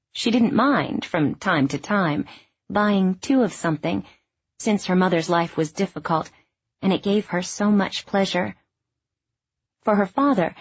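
A woman reading a novel aloud in scripted narration, even and measured. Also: on the low side, breathy edge, dry recording, lo-fi sound. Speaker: audiobook narrator.

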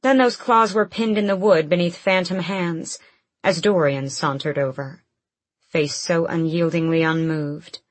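A woman reads a fantasy audiobook in a measured, steady way. Her voice is slightly low and husky, and she keeps an unhurried pace. The recording is close and dry. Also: no room sound. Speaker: audiobook narrator. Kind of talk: scripted audiobook narration.

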